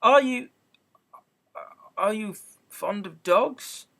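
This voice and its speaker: A man's voice: sits high, slow, gravelly, pushed and bright, voice pushed up, heavily acted. A man voicing a curious, chatty young girl who talks in an eager, prim and rambling way in an amateur audiobook reading.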